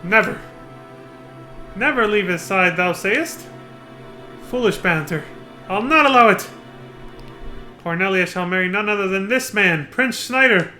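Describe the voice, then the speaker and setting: A streamer voicing a proud, stern old king from a stage play in a game, reading his old-fashioned lines loudly and theatrically. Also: medium pitch, animated, measured pace, long pauses, soft background music. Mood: commanding.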